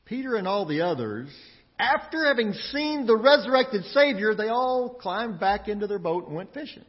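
High-voiced pastor in a reverberant church. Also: male voice, sing-song, moderate pace, dull audio. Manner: conversational preaching with frequent word repeats. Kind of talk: sermon. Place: church sanctuary.

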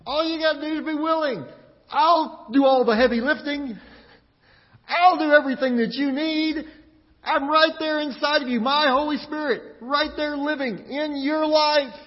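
A man voicing God as a gentle, reassuring presence, soft and high, in a sermon. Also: steady tone, moderate pace. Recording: echoey church hall, dull lo-fi.

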